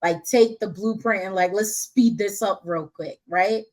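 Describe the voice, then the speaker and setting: Woman coach just riffing to her viewers, laughs a lot, slangy and real, mid-pitch voice. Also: unhurried, rough recording. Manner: lively, laughs often, slangy and candid. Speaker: business coach. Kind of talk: casual unscripted teaching.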